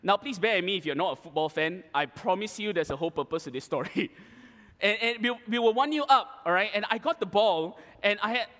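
A man preaching to an audience, telling an animated, dramatic story with playful asides. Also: sits high, brisk, long reverb tail. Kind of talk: storytelling sermon.

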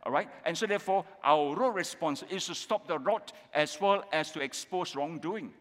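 A pastor with a Malaysian English accent preaches a sermon in a church hall, frequently checking in with the congregation through repeated rhetorical questions. His voice sits on the high side, a bit bright, at a moderate pace. The recording carries a long hall reverb.

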